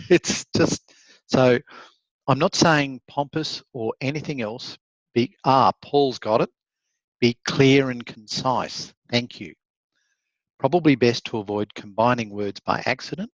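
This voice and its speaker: A man's voice: medium pitch, a little slow, no room sound, dull audio. A man giving an online law lecture, encouraging and conversational, reading out students' comments. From Australia. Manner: encouraging, conversational, laughs often.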